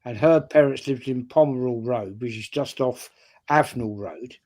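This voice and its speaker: Older london guy spinning a yarn, keeps saying right?, mid-pitched voice. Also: normal speed, dark tone. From North London. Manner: anecdotal, repeats "right?" often. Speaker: fan channel panelist. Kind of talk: casual storytelling.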